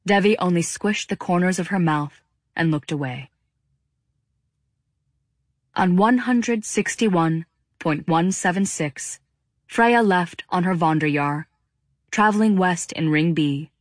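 A woman narrating an audiobook with a steady, even reading. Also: on the low side, slow pace, pauses often, dry recording, clean studio sound. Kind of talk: scripted narration.

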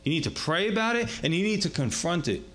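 A man preaching a sermon as pastor, emphatic, swinging between raised and hushed delivery. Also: sits high, sing-song, fast talker.

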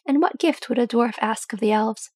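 A woman reading the part of a serene, gracious elf queen in calm, stately speech. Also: fairly high pitch, normal speed, husky, no room sound. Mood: regal.

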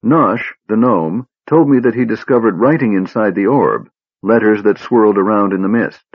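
A man's voice: fairly low pitch, normal speed, no room sound, highs cut off, voice pushed up. A man reading aloud who voices a small, nervous male kender, talking eagerly and stammering.

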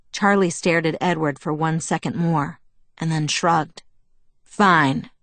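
Low-voiced woman narrating a novel. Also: dry recording. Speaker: audiobook narrator. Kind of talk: scripted narration.

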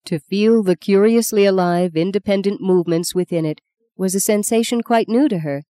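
A woman narrating an audiobook in a measured, intimate way. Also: mid-range voice, dark tone, no room sound.

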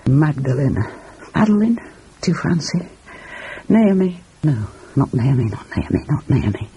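A man reading a story aloud in a measured, reflective, musing manner. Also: fairly high pitch, gravelly, dark tone, slight background noise, rough recording. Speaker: narrator. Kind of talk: audiobook reading.

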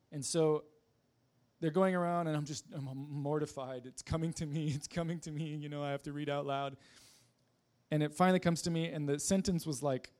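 A man giving a personal testimony in a casual, halting way, with many fillers, restarts and self-deprecating laughs. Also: fairly high pitch, a little mellow.

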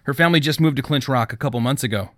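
A man voicing an easygoing teenage boy in an audiobook, speaking in a casual, relaxed way. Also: medium pitch, very fast, dry recording, studio quality, natural voice.

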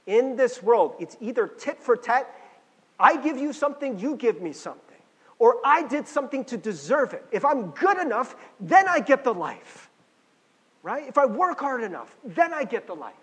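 A man preaching a sermon as a pastor, talking in a casual, animated way with frequent restarts and fillers. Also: very high-pitched, normal speed, slightly rough, long reverb tail.

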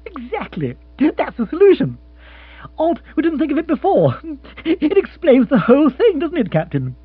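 A breezy young lord who gushes and sputters, his voice climbing high and swooping all over, as a male reader puts him on. Thin, tinny, phone-like sound with a low mains hum. Husky edge to the tone. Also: very animated, moderate pace, no room sound, exaggerated voice. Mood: jubilant. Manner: breezy, flustered, exclamatory. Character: excitable young male English aristocrat.

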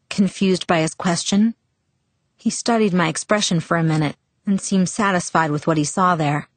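A woman reading a first-person novel aloud in calm, even audiobook narration. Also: fairly low pitch, normal speed, no room sound.

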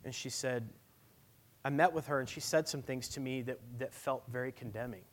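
A male pastor preaching a sermon at a church service, swinging from loud, emphatic lines to hushed, near-whispered ones. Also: mid-range voice, moderate pace.

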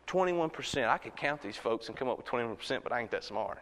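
A man, preaching a sermon as pastor. He swings from loud shouts to hushed asides. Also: medium pitch, lively intonation, fast, long reverb tail. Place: church sanctuary.

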